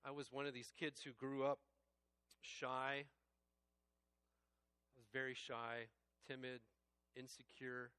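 A male pastor preaching a sermon, earnest and personal, moving between hushed reflective passages and raised, emphatic preaching. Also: mid-range voice, flat delivery, slow pace, pauses often, smooth, no echo. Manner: earnest and personal, addressing listeners as friends.

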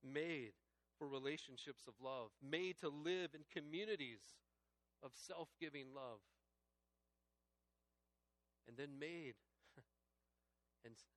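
Male pastor, sermon, earnest, slightly high voice, dry close sound, hushed to emphatic. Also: dry recording. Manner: builds from hushed, slow reflection to raised, emphatic preaching; earnest and personal, addressing listeners as friends.

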